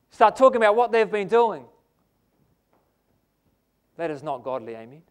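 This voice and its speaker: A man's voice: high-pitched, clear, resonant tone. A man with a New Zealand accent preaching a sermon in a church, emphatic and asking the congregation "amen?".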